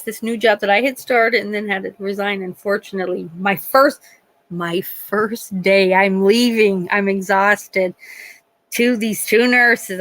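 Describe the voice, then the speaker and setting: A chatty middle-aged woman tells stories from her nursing work in a loose, conversational way. She gets animated and jumps into the voices of the people she quotes. Her pitch sits in a middle range for a woman. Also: no room sound, rough recording. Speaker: livestream host; nurse. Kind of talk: casual storytelling chat.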